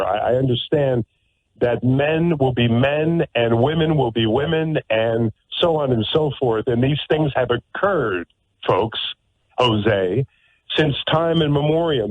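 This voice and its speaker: A combative man hosting talk radio, sarcastic and rambling through his points with frequent restarts. The sound is tinny, like a phone line. It is dry and close, with no room echo. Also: mid-range voice. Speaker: radio talk show host. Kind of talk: opinionated talk radio monologue.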